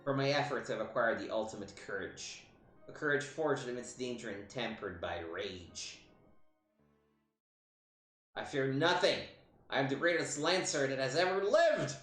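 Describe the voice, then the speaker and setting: A man's voice: lowish voice, normal speed, fairly bright tone, reverberant, faint music behind, close to an everyday voice. A man reading aloud as a bitter, boastful disgraced lancer villain in a video game, in a theatrical, scornful way.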